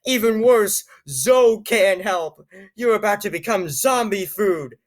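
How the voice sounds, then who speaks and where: A man's voice: sits high, animated, takes it slowly. A man hosting his channel, reading a nonsense story aloud in a playful, mock-dramatic way with joking asides. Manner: playful, mock-dramatic, breaks into laughter and jokes. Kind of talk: comedic reading with commentary.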